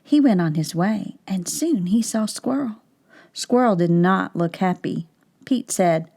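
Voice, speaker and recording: A woman teacher reads a picture book aloud to young children, taking her time over every line. Her voice has a gravelly, creaky texture at the ends of phrases, and she keeps stopping to ask the children questions. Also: mid-range voice, lively intonation, a little mellow. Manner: slow, clear, asks questions of child viewers.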